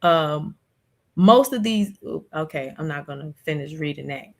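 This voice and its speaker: Woman livestreamer, low voice, real slow casual talk, lots of ums. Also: expressive. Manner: slow, reflective, conversational with many fillers. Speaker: streamer host.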